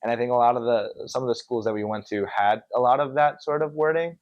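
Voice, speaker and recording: A man from Connecticut, a podcast guest, telling stories in an animated, filler-heavy casual chat. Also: medium pitch, quick pace, muffled recording. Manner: animated storyteller, many fillers.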